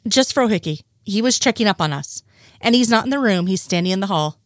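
A woman's voice: mid-range voice, expressive, a little fast, dry recording, studio quality, close to an everyday voice. Woman voicing an exasperated male agent.

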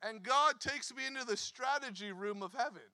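A pastor in his thirties telling a story in a sermon, animated, acting out quotes and laughing often. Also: extremely high pitch, normal speed, no room sound.

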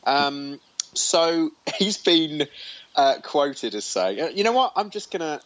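A man's voice: fairly high pitch, expressive, slow, fairly bright tone, lo-fi sound. A man co-hosting a podcast from his hotel room, chatty and joking, with lots of ums. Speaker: podcast co-host. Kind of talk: casual chat.

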